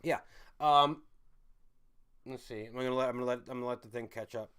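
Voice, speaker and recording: A man in his thirties from the United States, hosting a casual livestream, ranting angrily and swearing, swinging from loud outbursts to low muttering. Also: fairly even intonation, fairly quick, clear, resonant tone. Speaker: livestream host.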